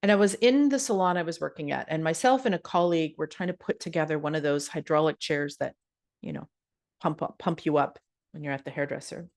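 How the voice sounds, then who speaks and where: A woman's voice: low voice, a little fast. A middle-aged woman hosting a yoga podcast, telling a personal story in a candid, casual way with frank asides. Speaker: podcast host and yoga teacher.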